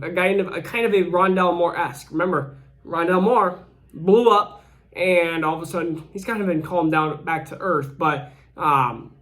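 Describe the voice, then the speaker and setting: A man's voice: sits high, a bit bright. Host, man in his thirties, casual solo commentary, short of breath, rambling delivery with restarts. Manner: rambling, frequent restarts and fillers. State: out of breath while recovering. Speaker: fantasy football podcaster.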